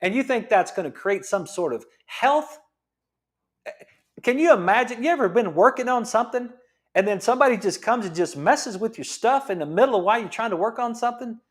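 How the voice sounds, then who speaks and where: A man's voice: very high voice, animated, a little fast. A middle-aged man, a chiropractor giving a fired-up, preachy health talk full of rhetorical questions.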